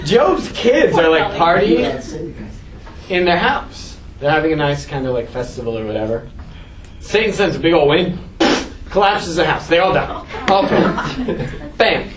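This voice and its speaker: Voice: mid-range voice, sing-song, unhurried, recorded from a distance, a crowd in the background. A teacher giving a casual, joking classroom lecture and asking the class questions. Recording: echoey classroom taped from afar.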